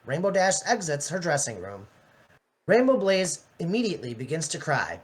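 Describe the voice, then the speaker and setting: A woman narrating a fan dub in a casual, matter-of-fact way. Her voice sits low, but her delivery swings widely. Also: big pitch swings, normal speed, breathy edge. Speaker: narrator and voice actor.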